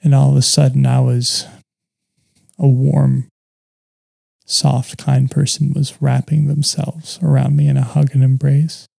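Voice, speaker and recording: A man sharing a painful personal story in conversation, halting and reflective, with many pauses and fillers. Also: medium pitch, little pitch movement, creaky, dark tone. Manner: earnest and open about painful memories.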